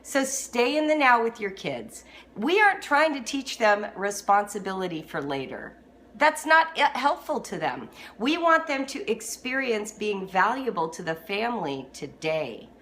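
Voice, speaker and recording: A woman's voice: fairly high pitch, moderate pace, slight background noise. A middle-aged woman hosting a live-streamed talk on homeschooling, speaking emphatically and laughing often as she answers viewers. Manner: animated, emphatic, laughs often, teases herself. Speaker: homeschooling educator and host. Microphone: phone or webcam.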